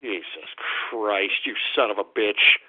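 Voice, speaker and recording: A man's voice: on the low side, unhurried, narrow, tinny audio, very noisy. A man hosting a call-in radio show, scolding his callers in an exasperated, profane rant.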